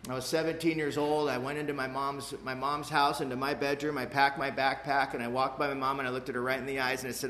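A man's voice: mid-range voice, level tone, sharp tone, slight background noise. Frank streetwise man speaking in an echoey room. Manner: frank and streetwise, tags lines with "man" and "you know"; emphatic, with quick repeats and restarts. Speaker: speaker sharing his recovery story. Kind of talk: personal testimony talk to a live audience. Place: room with a live audience.

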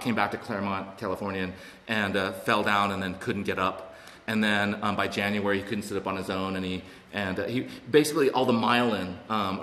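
A man's voice: sits low, bright, forceful tone. A middle-aged man from Alabama, speaking earnestly to an audience about his recovery, with many restarts and acted-out voices. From Alabama, USA. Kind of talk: personal talk to an audience. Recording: echoey hall with long reverb and faint noise.

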